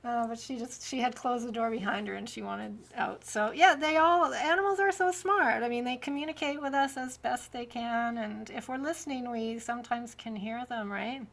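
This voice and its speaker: Chatty woman podcast host, higher voice. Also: moderate pace, creaky, hardly any pauses, fairly bright tone, a little hiss or hum. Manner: chatty and rambling, thinking aloud. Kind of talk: casual interview chat.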